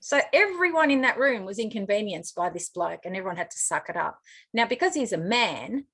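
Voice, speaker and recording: A woman's voice: mid-range voice, sing-song, a little fast, a bit bright, slightly rough. Frank, chatty Australian woman. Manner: chatty, frank, with frequent fillers. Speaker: interview guest. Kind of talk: casual storytelling interview.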